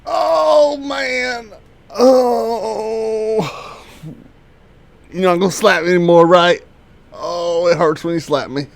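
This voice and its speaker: A man voicing a young male gang thug who has been captured, whimpering, pleading and yelling in panic. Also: high-pitched, slow, gravelly, long pauses, full character voice.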